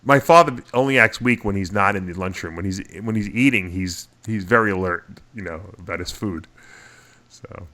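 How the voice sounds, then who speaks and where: Middle-aged guy rambling thru a story, lowish voice, kinda bright and forceful. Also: normal speed. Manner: rambling, restarts often, chuckles through stories. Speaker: podcast co-host. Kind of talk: casual storytelling chat.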